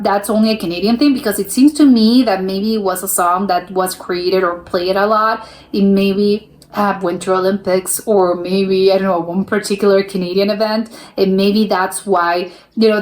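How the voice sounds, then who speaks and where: A young American woman hosting a reaction video, thinking aloud in casual chat with many restarts. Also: medium pitch. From United States. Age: young adult. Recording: roomy echo.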